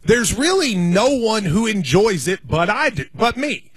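A man's voice: sits high, big pitch swings, a little slow. A man in his forties co-hosting a sports radio show, telling an enthusiastic, rambling fan story in casual banter. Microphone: studio microphone.

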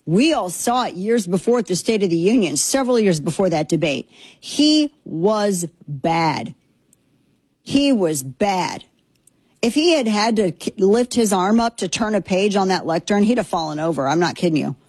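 A woman's voice: mid-range voice, animated, brisk, hardly any pauses, darkish tone, slightly rough, no echo. A woman hosting a political talk show, delivering a sarcastic, indignant monologue. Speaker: political commentary host.

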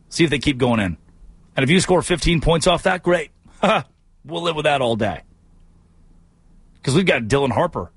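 A man hosting a sports talk show, delivering an animated, jokey monologue and slipping into silly voices. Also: medium pitch, breathy edge, no room sound. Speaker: sports radio host.

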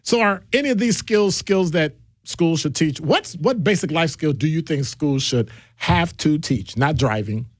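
A middle-aged man hosting a call-in radio show, his voice swooping widely as he rambles from point to point. He sits a little high for a man, and the studio sound is close and dry. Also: unhurried, no echo. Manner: animated, digressive, jumps between deep and high voices. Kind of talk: casual call-in radio talk. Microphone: studio microphone.

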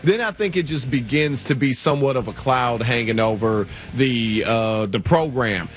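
A man's voice: mid-range voice, normal speed, faint music behind. A man co-hosting a sports podcast, chatting in an easygoing way about college football. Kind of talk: casual sports chat.

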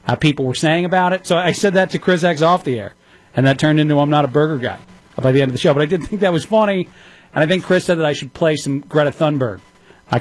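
A man's voice: on the high side, no room sound. A man in his thirties hosting a talk radio show, chatty and self-deprecating, with many fillers. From Texas. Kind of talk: casual talk radio monologue.

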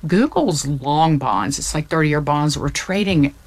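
A woman's voice: deep voice, lively intonation, unhurried, dry recording. A woman from the Southern United States explaining the economy in casual chat, packed with figures, often restarting mid-sentence. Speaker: economics commentator.

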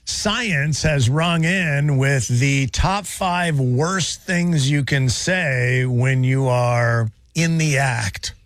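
A man's voice: medium pitch, extremely slow, hardly any pauses, no room sound, studio quality. A man hosting a radio show, joking and wryly reading quotes aloud. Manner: wry, laughs often, mock-quotes lines. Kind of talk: joking morning radio banter. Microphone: studio microphone.

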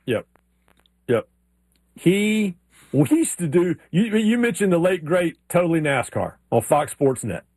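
Guy cohosting sports talk, kinda high voice, super dry close sound, spins stories and does little voices. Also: a little slow, no echo. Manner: animated storyteller, mimics drawls in anecdotes. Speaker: sports radio co-host. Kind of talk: casual sports chat with storytelling.

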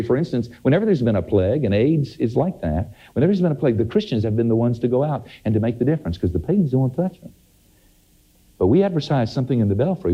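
A man preaching a sermon to his congregation, emphatic, with his voice jumping sharply in pitch. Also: warm tone, husky, muffled recording. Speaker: pastor.

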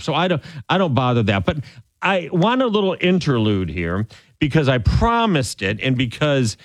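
A man hosting sports talk radio, opinionated and animated, often restarting his sentences. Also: mid-range voice, dry recording.

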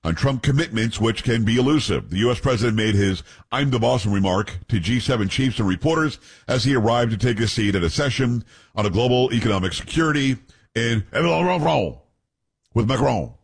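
A man's voice: mid-range voice, fairly quick, breathy edge. A man hosting talk radio, reading news stories aloud and breaking in with blunt, opinionated asides.

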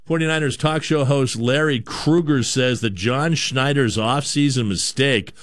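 A man's voice: medium pitch, unhurried, no echo, clean studio sound. A man born in Canada hosting a sports talk show, giving a rambling, opinionated monologue with lots of repeated words.

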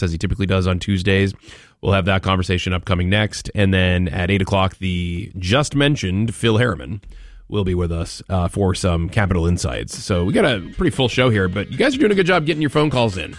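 A man's voice: fairly low pitch, dry recording, studio quality. A man hosting a talk radio show, delivering commentary with sarcastic mock outrage and taking calls.

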